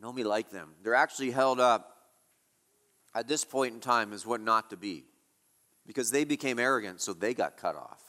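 A man's voice: mid-range voice, normal speed, long pauses, sharp tone, long reverb tail. A man preaching an expository sermon, emphatic and rhetorical, asking questions and repeating key phrases.

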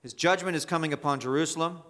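A man's voice: on the high side, fast talker, a bit bright. A male pastor preaching an expository sermon, emphatic and repetitive, rising sharply to stress key points.

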